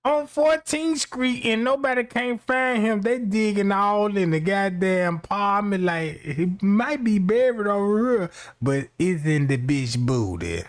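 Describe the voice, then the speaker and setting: A man's voice: high-pitched, animated, measured pace, hardly any pauses. A man hosting a stream, ranting casually and cracking profane jokes, rambling and slipping into quoted voices. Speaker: streamer host. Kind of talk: casual comedic rant.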